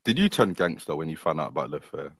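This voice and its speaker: A man's voice: rumbling low, big pitch swings, fast talker, slightly rough, no room sound, studio quality. A man on a call-in show taunting and mocking another caller with crude questions. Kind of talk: provocative banter on a call-in show.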